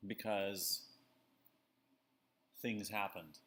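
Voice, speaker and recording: A man's voice: fairly low pitch, steady tone, drawn-out words, bright, forceful tone. A man co-hosting a casual talk show, rambling and self-deprecating with lots of fillers. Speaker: podcast co-host. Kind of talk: casual chat.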